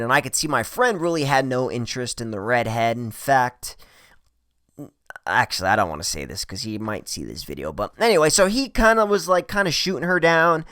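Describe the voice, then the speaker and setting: A man spins a rowdy true story, his pitch leaping up and down as he acts out each person in it. He swears freely and talks loosely. The voice sits close and dry, with no room sound. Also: no echo. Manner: profane, animated, acts out quoted voices. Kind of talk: casual storytelling.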